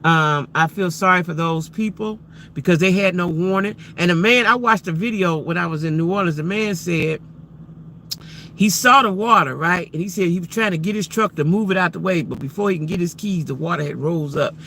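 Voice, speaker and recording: In casual live-stream commentary, a man with a high, sharp-toned voice talks a little fast over slight background noise. He's emphatic and repetitive, speaking right to his viewers and repeatedly asking them rhetorical questions.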